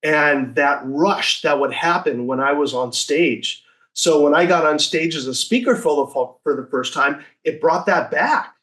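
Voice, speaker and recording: A man in his sixties telling stories as a podcast guest, lively and acting out the voices of people he quotes. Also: on the high side, a little slow. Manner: animated, acts out quoted voices. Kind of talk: casual storytelling.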